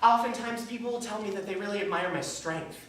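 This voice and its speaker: A woman comedian performing live stand-up with self-deprecating, animated delivery at a small venue. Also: medium pitch, fast talker. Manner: self-deprecating, animated, lots of put-on voices. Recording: echoey live room, distant mic, noisy.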